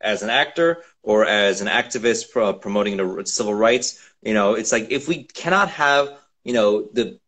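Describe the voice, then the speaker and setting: A man guest in a casual chat, talking earnestly and lively over a video call. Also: on the low side, normal speed, few pauses. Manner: earnest, lively, mimics others in quotes. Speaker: guest, actor.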